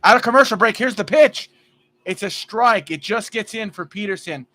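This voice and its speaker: A man doing casual play-by-play for a fan livestream, chatty and jokey, drifting into stories between pitches. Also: normal speed, bright, forceful tone.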